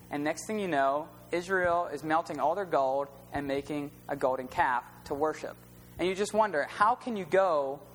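A man preaching a sermon in a conversational storytelling way, using plain everyday wording. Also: a little high. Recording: long reverb with faint hum.

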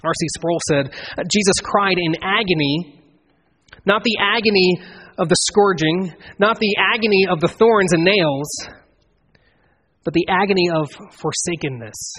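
Earnest preacher in a reverberant hall. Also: male voice, unhurried, a bit bright, husky. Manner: earnest, builds to emphatic swells then drops low. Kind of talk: expository sermon. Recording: long reverb of a large hall.

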